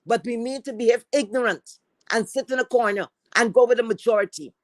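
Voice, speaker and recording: A woman's voice: fairly high pitch, a little fast, no echo, low-quality recording. A woman commentator on a livestream, ranting in a blunt, profane, scolding way. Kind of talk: heated commentary rant.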